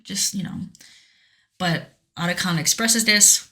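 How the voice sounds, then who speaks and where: A woman's voice: fairly low pitch, unhurried, pushed and bright. A woman co-hosting a podcast, recapping a video game story in casual chat with an earnest, rambling manner and many restarts. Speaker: podcast co-host.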